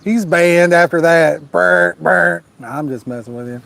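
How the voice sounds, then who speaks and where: A man's voice: fairly high pitch, normal speed. A man hosting a live fishing stream outdoors at night, reading out viewer comments in a folksy, joking, laid-back way. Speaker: fishing channel host.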